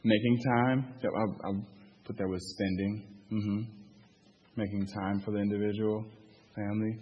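A man's voice: on the low side, level tone, normal speed, slightly rough. A man leading a Bible study in a casual, filler-heavy way, asking the group for answers. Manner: loose, filler-heavy talk, asks the room for answers. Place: hall with a group. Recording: dull echoey hall recording.

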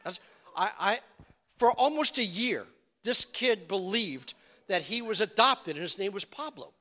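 A male pastor preaching a sermon, animated and stumbling over repeated words. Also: high-pitched, unhurried.

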